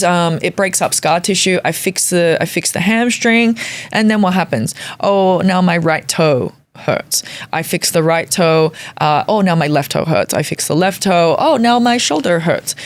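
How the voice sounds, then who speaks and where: Lower-voiced woman telling a comic story. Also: measured pace. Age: 40s. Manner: animated, comic, swears casually. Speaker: comedian guest. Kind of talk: casual podcast storytelling.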